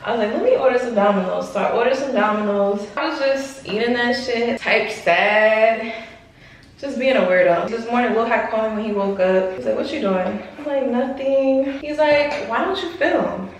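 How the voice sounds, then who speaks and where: A woman's voice: a little high, moderate pace, recorded from a distance. A young woman from Long Island, New York, speaks openly and casually to her camera, cursing now and then as she talks. She is recorded at home from a few steps back, so her voice rings in a strongly echoing room. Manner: chatty and candid, swears casually. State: pregnant. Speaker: vlogger. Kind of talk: casual confessional vlog. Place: room at home in front of a mirror. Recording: very echoey room, voice off-mic.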